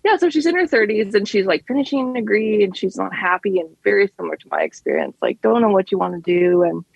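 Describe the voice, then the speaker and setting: Canadian woman, thirties, slight lisp, gravelly and husky, dry close sound, chatty and self-deprecating. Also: medium pitch, fast talker, no echo, dull audio. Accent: Central Canadian. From Central Canada. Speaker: author guest. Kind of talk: casual podcast interview.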